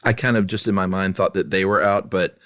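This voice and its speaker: A man co-hosting a podcast in casual chat, relaxed and self-deprecating with many fillers. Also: deep voice, fairly quick, no echo, studio quality. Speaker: podcast co-host.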